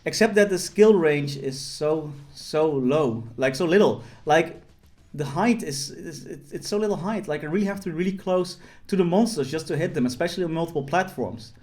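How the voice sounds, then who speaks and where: A young man with a fairly high voice narrates his gameplay in a loose, joking voice-over. He rambles with lots of fillers and restarts, like a gaming host chatting to his viewers from his desk. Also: moderate pace, a little mellow. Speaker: gaming YouTuber. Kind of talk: casual gameplay commentary.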